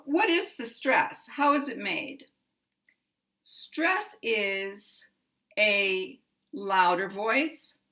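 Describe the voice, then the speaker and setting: An American woman teaching pronunciation at an unhurried pace. She lays out each rule in a deliberate, measured way and speaks her example sentences out clearly. Her voice sits at an ordinary middle pitch. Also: lively intonation, sharp tone. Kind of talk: slow, careful teaching explanation.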